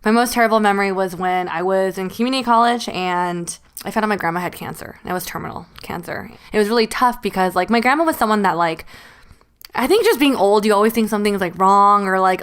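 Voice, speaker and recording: A woman's voice: mid-range voice, clean tone. A woman in her late twenties, a podcast co-host, telling a personal story while crying, talking loosely with many fillers. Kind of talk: casual chat.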